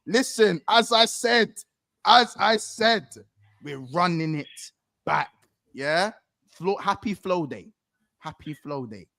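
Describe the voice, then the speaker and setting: A man hosting a casual football chat, excitable, swearing and repeating himself. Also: high voice, slow pace, vocal fry, no echo. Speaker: football podcast host.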